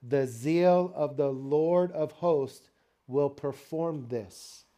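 An older man delivers a sermon with a fairly high, mellow voice. He preaches in an animated, storytelling way, calling out to the congregation and pausing for their answers. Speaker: pastor.

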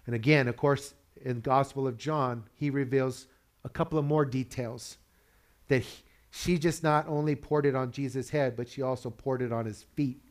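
A man preaches a sermon in a relaxed, conversational way. He puts questions to the congregation and chuckles between points. His voice sits at an ordinary middle pitch. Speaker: pastor.

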